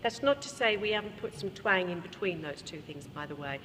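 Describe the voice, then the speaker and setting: A woman's voice: lowish voice, lively intonation, fairly quick, fairly bright tone. An Australian woman leading a choir workshop, explaining vocal technique and singing short examples. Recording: reverberant hall, faint room noise.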